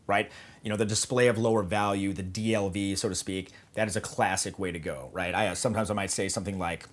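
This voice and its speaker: A man's voice: on the low side, steady tone, fast, fairly bright tone. Joking, foul-mouthed male dating coach. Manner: profane, joking, frequent "okay" and "right?". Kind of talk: casual instructional talk.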